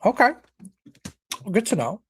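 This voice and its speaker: A man's voice: sits high, sing-song, unhurried, husky. A man hosting a live football watchalong, chatting casually, reacting to the match and viewers' comments, with occasional swearing. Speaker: watchalong host.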